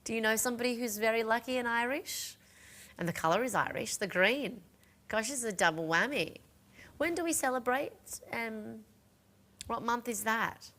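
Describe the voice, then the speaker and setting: A woman's voice: on the high side, animated, normal speed, sharp tone. Chatty middle-aged woman selling jewellery live. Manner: chatty, rambling, talks straight to viewers. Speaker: home shopping presenter. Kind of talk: live home-shopping sales chat.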